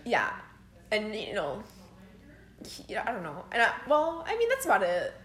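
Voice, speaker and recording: Young woman, podcast co-host: lively, high-ish casual chatter, roomy echo. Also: unhurried. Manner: animated, laughing, heavy use of "like". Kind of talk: casual chat.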